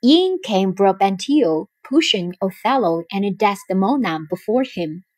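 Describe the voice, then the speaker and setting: Slow storybook narration by a woman. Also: medium pitch, lively intonation, a little mellow, dry recording.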